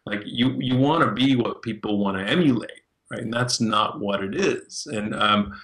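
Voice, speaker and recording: A man, a podcast guest, telling stories in an animated way and often repeating words as he starts his sentences. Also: fairly low pitch, normal speed. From Canada. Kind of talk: casual podcast interview.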